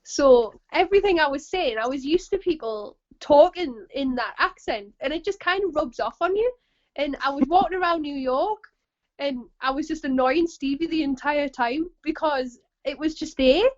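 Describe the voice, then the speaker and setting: Woman, northeast English accent, high voice, chatty and self-mocking, casual video-call chat, lo-fi sound. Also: normal speed. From northeast England. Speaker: podcast co-host.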